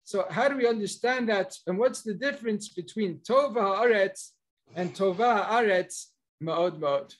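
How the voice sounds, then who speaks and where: A male rabbi giving a Torah lesson as guest speaker, quoting Hebrew and Aramaic texts and retelling them in a lively, storytelling way. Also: high-pitched, measured pace. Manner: cites Hebrew and Aramaic texts, then explains.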